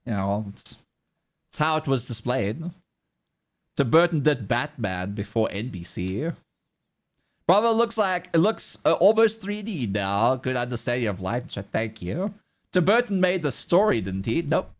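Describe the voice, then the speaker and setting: Animated, rambling male streamer. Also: medium pitch, a little slow. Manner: rambling, hedging, chatting to viewers. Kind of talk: casual livestream chat while drawing.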